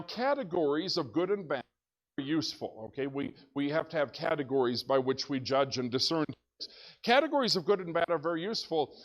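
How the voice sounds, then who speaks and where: A male pastor with a fairly high voice preaches in a church, telling a story with lively energy. He jumps between quiet asides and excited shouts. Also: muffled recording. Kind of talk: storytelling sermon. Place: church sanctuary.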